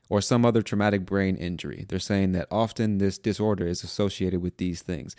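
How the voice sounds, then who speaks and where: An American man hosting an English-learning podcast, reading a news article aloud and patiently explaining vocabulary, often repeating an idea in several ways and slowing down to stress key words. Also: on the low side, warm tone, no echo, studio quality. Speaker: English teacher podcast host.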